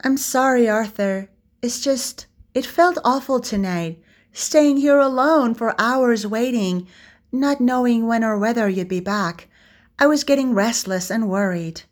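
A woman's voice: fairly high pitch, a little slow, pitched above the performer's own voice, natural voice. A woman doing Merlin, a cheeky young servant. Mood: bickering servant.

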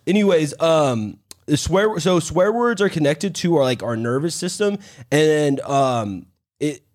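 Young man, podcast co-host, casual chat, rambling, fillers, swearing, slightly high voice. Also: lively intonation, measured pace.

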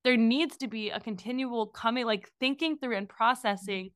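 A woman co-hosting a faith podcast, talking in a chatty, animated way with lots of asides. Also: fairly high pitch, moderate pace, few pauses, dry recording, clean studio sound. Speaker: podcast co-host. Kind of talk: casual faith podcast chat.

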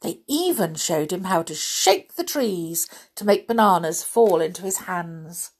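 A woman reading a children's story aloud as a storyteller, in a gentle, chatty manner with small fillers. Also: fairly low pitch, expressive, a little slow, husky.

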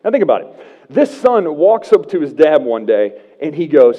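A man in his thirties preaching a sermon in a relaxed, joking style, often checking in with "right?". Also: a little high, brisk. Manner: conversational and humorous, often asking "right?". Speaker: pastor. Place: church sanctuary. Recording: dull church livestream with long reverb.

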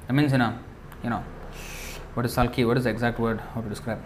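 A man's voice: medium pitch, fairly even intonation, fast, pauses often, slight background noise. A man teaching a scripture class in a conversational way, explaining terms and checking in with listeners. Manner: conversational, asks rhetorical checks; explains word meanings while reading. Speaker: spiritual teacher.

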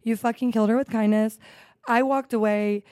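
A woman in her thirties co-hosting a podcast, telling stories in a lively, casual way with plenty of swearing and laughter. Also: on the high side, fairly quick, no echo, clean studio sound. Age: 30s. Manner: animated storytelling with frequent swearing and laughs. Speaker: podcast co-host. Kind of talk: casual chat.

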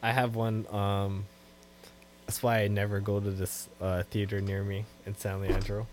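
A man's voice: fairly low pitch, a little slow, a little hiss or hum. Man, easygoing podcast co-host. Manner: relaxed, trailing off, laughs often. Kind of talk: casual chat.

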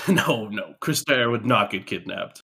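A man's voice: lowish voice, lively intonation, unhurried, vocal fry, pushed and bright, breathy edge. A man chatting and laughing as a player at a tabletop game, describing his character's actions. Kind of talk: casual game-table chat.

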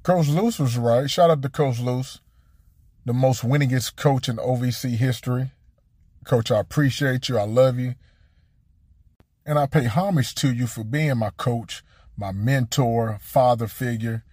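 A young man and former college basketball player telling a casual story, animated and acting out quotes with jumps in his voice. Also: mid-range voice, measured pace, breathy edge, dry recording, clean studio sound.

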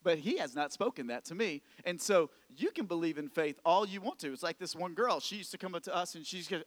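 A man's voice: on the high side, lively intonation, brisk, hardly any pauses, big-room sound. A man preaching a sermon as a pastor, talking to the congregation in a conversational way, full of rhetorical questions and repeated phrases.

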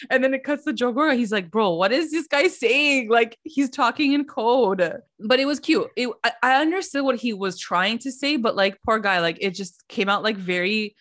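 A woman's voice: on the high side, moderate pace, few pauses, a bit bright. A young woman co-hosting a podcast, chatting casually and filling her talk with "like" as she acts out quotes. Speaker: podcast co-host. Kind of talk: casual recap chat.

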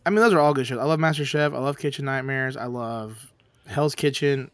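A man co-hosting a casual podcast chat, animated and laughing often. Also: medium pitch, fairly quick, dry recording. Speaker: podcast co-host.

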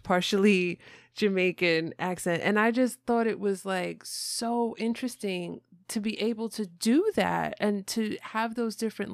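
A woman hosting a podcast interview, her voice sitting low with a gravelly fry. She speaks thoughtfully and with many hesitations. The sound is dry and close. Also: dry recording. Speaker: podcast host. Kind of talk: interview conversation.

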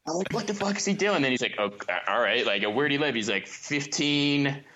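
Animated young man telling a story. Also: fairly high pitch, a little fast, dull audio. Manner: animated, acts out voices, laughs often, heavy "like" filler. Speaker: podcast co-host. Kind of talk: casual storytelling.

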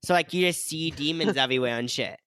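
A man's voice: on the high side, quick pace, a bit bright, clear, resonant tone, dry recording. A young man co-hosting a casual podcast, giggling often and saying "like" constantly as his thoughts trail off. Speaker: podcast co-host. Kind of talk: casual chat.

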